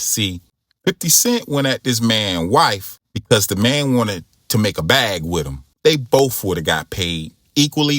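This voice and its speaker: A man's voice: fairly low pitch, a bit bright, dry recording, studio quality. A man hosting a commentary broadcast, talking bluntly in slangy, conversational opinion. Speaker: commentary channel host.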